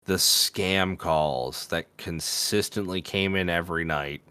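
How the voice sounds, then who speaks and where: A man's voice: low-pitched, steady tone, takes it slowly, pushed and bright, smooth, dry recording, studio quality. A man co-hosting a podcast, telling a story in a loose, laid-back casual chat with fillers and the odd swear. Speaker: podcast co-host.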